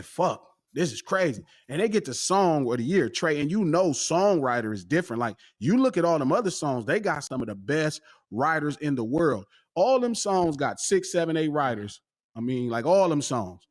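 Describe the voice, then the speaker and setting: A man's voice: fairly high pitch, fairly quick. A man, telling a story as a guest in a casual chat and acting out the dialogue. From West Coast US. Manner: animated, excitable storytelling, acting out quoted dialogue. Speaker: podcast guest.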